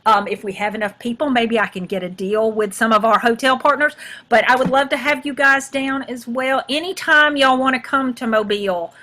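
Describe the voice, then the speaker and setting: A woman's voice: fairly high pitch, normal speed, sharp tone. A middle-aged woman, chatting casually and self-mockingly to volunteers on a video call. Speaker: national field director addressing volunteers. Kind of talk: casual workshop talk.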